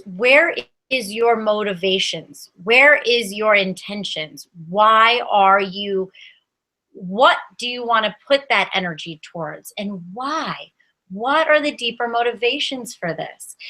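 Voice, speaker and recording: A woman's voice: medium pitch, bright, forceful tone, low-quality recording. A woman co-hosting a weekly tarot reading, earnest and inspirational, posing reflective questions to the listener. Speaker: tarot reader co-host.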